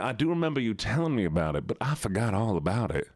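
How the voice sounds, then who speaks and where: A man streaming games, chatting casually with viewers in a put-on Southern drawl, playful and quick to repeat himself. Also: fairly low pitch, sing-song, dry recording, clean studio sound. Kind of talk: casual live-stream chat.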